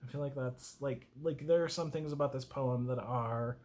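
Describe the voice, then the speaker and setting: A man casually reading a poem aloud, halting and self-mocking as he stumbles over words. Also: medium pitch, a little mellow. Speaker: video host.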